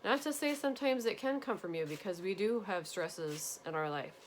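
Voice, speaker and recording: A woman giving a gentle, earnest spiritual tarot reading to her viewers, repeating reassuring phrases. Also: medium pitch, lively intonation, moderate pace, a little hiss or hum. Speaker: tarot reader.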